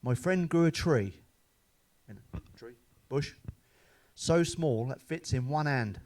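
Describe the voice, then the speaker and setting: A man's voice: a little high, takes it slowly, darkish tone. A middle-aged man telling one-liners and dad jokes as a stand-up comedian, cursing often and chuckling at his own punchlines. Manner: swears freely, laughs at his own jokes.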